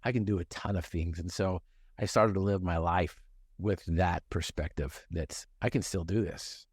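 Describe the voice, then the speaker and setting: A man's voice: deep voice, moderate pace, slightly rough, no echo. A middle-aged man telling his personal story in a conversation, earnest and emphatic, repeating phrases for effect.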